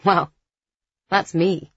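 Woman reading steady frank young man, calm and persistent, low-pitched, dull dry audiobook recording. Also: extremely slow, breathy edge, dry recording, full character voice. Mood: steady, persuasive.

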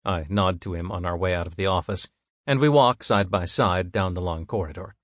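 Male audiobook narrator, measured and even, low pitch, dry booth. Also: no echo. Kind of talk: first-person scripted narration.

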